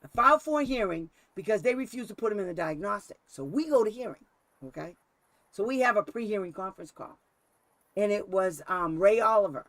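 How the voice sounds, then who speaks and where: There's no room sound as a man with a high-pitched, fairly quick voice hosts a casual talk. As a special education advocate and animated storyteller, he laughs often and plays out the quotes himself.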